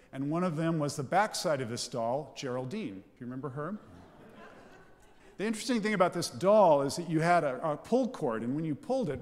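Pastor guy in his 50s, bit higher voice, reading scripture slow then teaching, big church reverb. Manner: reads scripture slowly, then explains in an unhurried teaching tone. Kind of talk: sermon. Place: church sanctuary. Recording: long reverb of a church hall.

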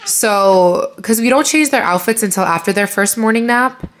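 A woman's voice: fairly high pitch, normal speed. Chatty young woman, stuffy nose. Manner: chatty, lots of "like" and "you guys". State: nasal from a cold. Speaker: vlogger, mother. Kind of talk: casual vlog chat. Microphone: handheld compact camera.

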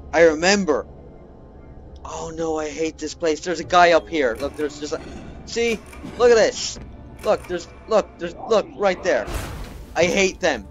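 A man's voice: a little high, muffled recording. A young man commentating his gameplay live, frustrated and swearing often. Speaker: let's play gamer.

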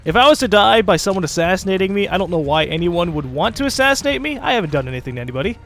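A man's voice: high voice, expressive, rapid-fire, a bit bright, faint music behind. A man giving casual commentary as he plays a video game, rambling, joking and swearing often. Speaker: let's play host.

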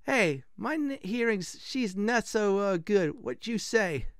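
A man's voice: high voice, lively intonation, takes it slowly, fairly bright tone, clean tone, dry recording, studio quality, voice pushed up, full character voice. A man voicing an impatient middle-aged male blacksmith in an exaggerated Italian accent. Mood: brusque. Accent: Italian, put on.

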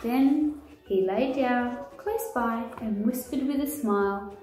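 A woman childcare educator, reading a picture book aloud to children and pointing out the pictures with an expressive voice. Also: a little high, slow pace. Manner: warm, expressive, leading children through pictures. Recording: echoey room, faint music.

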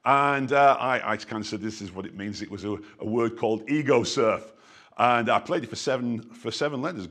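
A man's voice: mid-range voice, fairly bright tone. A man preaching a sermon as pastor, emphatic and dropping frequent "yeah" asides between phrases.

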